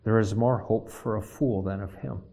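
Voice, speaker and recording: A man's voice: fairly low pitch, fairly even intonation, moderate pace, gravelly, dark tone. A man preaching a sermon as pastor, often stumbling and repeating words as he reads scripture aloud.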